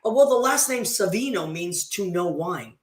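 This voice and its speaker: A woman hosting a radio show, chatting casually and effusively as she gives listeners shout-outs. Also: fairly low pitch, expressive, moderate pace, reverberant.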